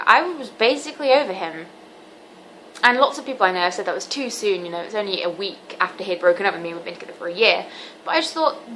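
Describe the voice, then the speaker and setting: A teenage girl vlogging speaks earnestly to her camera, confiding haltingly with lots of ums in a candid personal video. Her mid-pitched voice is a bit bright, and the rough recording carries a faint background hiss.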